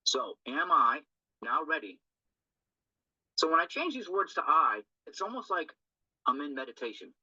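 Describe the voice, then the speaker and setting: An earnest man works through a recovery reading in a loose, rambling way, often tagging on a quick question to his listeners. His voice is very bright and forward. The recording is dry and dull, with a lo-fi sound. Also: on the high side, very animated, breathy edge, no room sound. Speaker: recovery group speaker. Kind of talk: informal talk on a recovery text.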